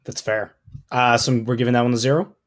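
A man co-hosting a podcast in casual chat, reading things aloud with a blunt, wry, deadpan delivery. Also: mid-range voice, brisk. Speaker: podcast co-host.

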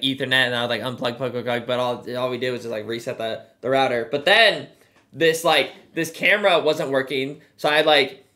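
A man's voice: medium pitch, pushed and bright. A man streaming, chatting casually and rambling through a story with many fillers and restarts.

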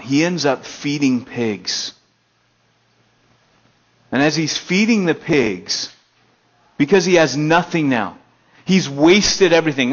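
A young American pastor tells stories from the pulpit in a casual, animated way, jumping between excited, loud asides and hushed, earnest stretches. His voice sits a little high for a man. The recording is dull and lo-fi. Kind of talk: casual storytelling sermon. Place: elementary school meeting room.

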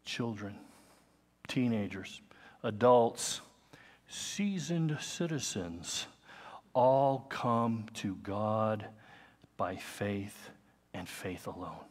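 A man's voice: lowish voice, animated, drawn-out words, pauses often. A man in his fifties preaching a sermon as pastor, earnest and conversational, with personal asides. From United States. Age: 50s.

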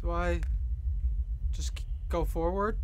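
A woman's voice: lowish voice, fairly even intonation, slow pace, a little mellow, slight background noise. A woman gamer giving let's play commentary, panicking, swearing and screaming as she plays.

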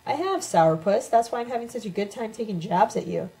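A woman reading a teasing older woman, mellow tone. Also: on the high side, animated, brisk, creaky, rough recording. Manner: teasing, playful jabs.

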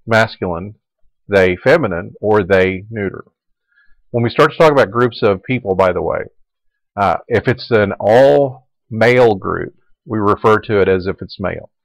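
A man giving a recorded Latin lecture, explaining grammar in a relaxed way and repeating word forms aloud. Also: fairly low pitch, measured pace, creaky, no room sound, poor audio. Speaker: Latin teacher.

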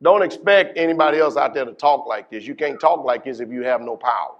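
A man preaching a sermon as pastor, putting questions to his congregation and moving between hushed asides and loud, emphatic bursts. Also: mid-range voice, a little fast, muffled recording. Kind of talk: deliverance workshop sermon.

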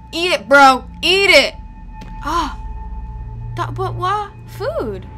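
A woman giving excitable, squealing commentary while playing a video game, often gasping. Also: high-pitched. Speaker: let's play gamer. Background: game music.

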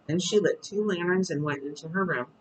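A storyteller reading a chapter book aloud at bedtime in a calm, steady voice. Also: mid-range voice, a little fast, slight background noise, poor audio.

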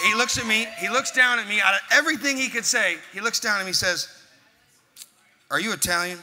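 A motivational speaker in a large event hall tells a punchy story and hammers his points home with force. His voice is high-pitched and a little fast, with background noise, an echoey hall and faint crowd ambience in the recording.

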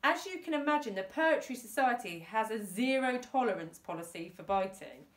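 A woman voicing a fussy, eccentric spinster aunt who talks in a high, gushing, theatrical way in a storybook reading, recorded in an echoey room on a distant mic. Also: animated, moderate pace, close to an everyday voice.

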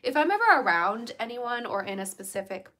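A woman's voice: on the high side, sing-song, fairly quick, pushed and bright. A young woman from Virginia, chatting casually on a livestream, laughing often and answering viewer comments. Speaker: livestream host.

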